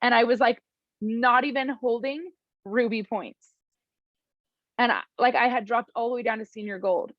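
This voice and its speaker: A woman's voice: on the high side, moderate pace, pauses often, no room sound, dull audio. Chatty encouraging woman. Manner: warm, encouraging, emotional at times; chatty with many fillers. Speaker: team leader addressing her downline. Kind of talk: casual motivational talk.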